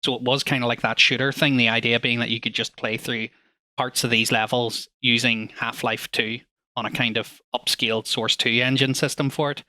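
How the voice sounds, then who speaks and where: A man talks games with fluent enthusiasm, his voice bright and recorded close and dry. He swears freely as he explains things. This is relaxed podcast banter. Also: medium pitch, moderate pace, no echo. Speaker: podcast co-host. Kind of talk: casual gaming chat.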